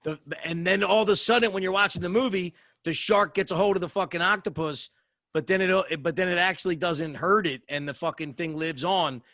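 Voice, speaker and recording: Profane rambling man, bright voice. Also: high voice, brisk, dry recording. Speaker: podcast co-host. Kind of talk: casual podcast chat.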